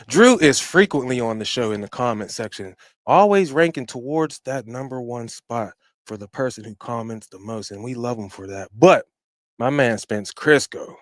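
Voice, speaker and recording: A man hosting his own podcast, giving energetic, slangy shout-outs that swing between loud bursts and quiet asides. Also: mid-range voice, no room sound. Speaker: podcast host.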